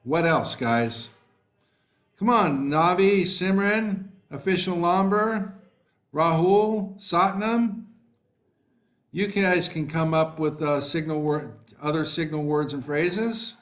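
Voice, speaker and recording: Unhurried, encouraging male online tutor. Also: on the high side, fairly bright tone. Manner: encouraging, praises students by name, unhurried with fillers. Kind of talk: live online class, reading chat replies.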